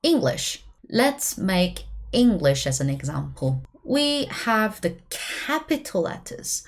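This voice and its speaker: A woman with a Korean accent, a language teacher explaining grammar in a chatty video lesson, often checking in with "right?" and rattling off quick example sentences. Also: mid-range voice, big pitch swings.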